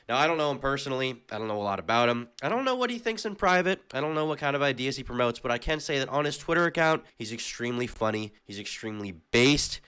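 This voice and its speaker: Young male commentary creator, quick and ironic, lowish voice. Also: a bit bright, clean tone. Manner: sarcastic, ironic rants. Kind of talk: casual commentary monologue.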